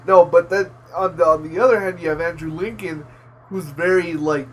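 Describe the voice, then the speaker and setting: High-voiced, profane man chatting casually. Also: normal speed, a little hiss or hum. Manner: profane and animated. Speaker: show co-host. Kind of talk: casual chat.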